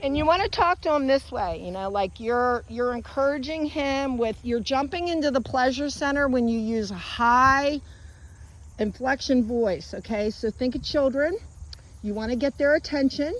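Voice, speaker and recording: A woman dog trainer coaching a client on a walk in a park, giving direct, encouraging instructions and bursting into high sing-song calls to the dog. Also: normal speed, rough recording. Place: outdoors in a park.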